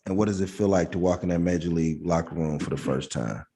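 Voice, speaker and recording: A man's voice: low voice, fast, dark tone. A man hosting a casual interview who asks questions and laughs along with his guest. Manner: laughs along, short backchannel replies. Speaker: interview host.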